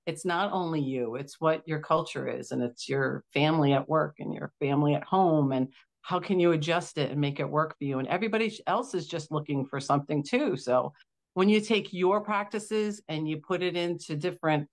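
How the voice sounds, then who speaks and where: This is a middle-aged woman with a low, grounded voice, sharing her own story as a client guest. She talks with real enthusiasm and often acts out what others said to her in little put-on voices. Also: moderate pace. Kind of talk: candid testimonial chat.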